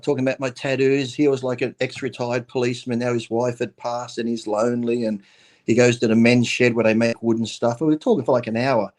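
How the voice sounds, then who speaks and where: Australian man, 50s, rambling swearing storyteller, mid-pitched voice. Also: a little mellow. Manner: rambling, swears, laughs through anecdotes. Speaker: bodybuilder guest on a talk show. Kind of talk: casual storytelling.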